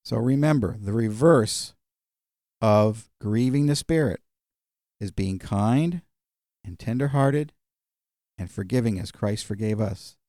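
Mellow-voiced male preacher, dry sound. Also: lowish voice, takes it slowly, pauses often, no room sound. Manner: conversational storytelling, many fillers. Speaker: pastor. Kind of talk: sermon.

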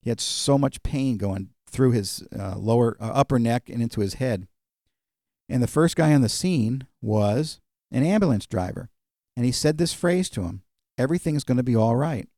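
A man's voice: medium pitch, animated, moderate pace, mellow, no echo, clean studio sound. A male pastor preaching in a conversational storytelling way, with frequent fillers. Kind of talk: sermon.

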